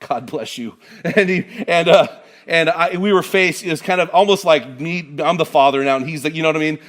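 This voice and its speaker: A middle-aged man preaching a sermon to a congregation in an energetic, conversational way, with joking asides. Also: a little high, brisk. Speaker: guest preacher.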